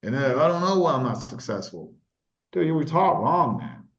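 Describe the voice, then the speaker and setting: Guy mentor talking emphatic, kinda high voice, roomy echo and dull muffled sound. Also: sing-song, moderate pace. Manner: emphatic, repetitive, keeps saying "man". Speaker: business mentor guest. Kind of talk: casual interview talk.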